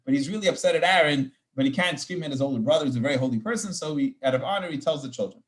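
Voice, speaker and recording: Rabbi explaining scripture in a fairly high voice. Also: male voice, very fast. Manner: explanatory, sprinkles Hebrew terms, frequent restarts. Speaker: rabbi teaching Torah. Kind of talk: informal Torah class.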